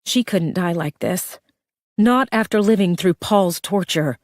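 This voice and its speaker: A woman's voice: lowish voice, animated, measured pace, no room sound, clean studio sound. A woman narrating a thriller audiobook with a tense, urgent reading.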